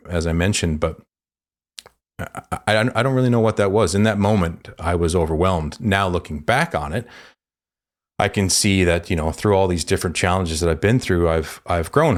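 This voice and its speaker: A man hosting a podcast, telling a personal story in a halting, earnest way with many restarts. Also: low-pitched. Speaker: podcast host. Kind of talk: podcast interview.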